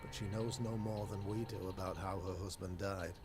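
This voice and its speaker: Male actor for a low-voiced, long-winded colonial governor in a game; formal, courtly delivery over ambient noise. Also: steady tone, moderate pace, lightly acted. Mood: stately. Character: pompous middle-aged male colonial governor.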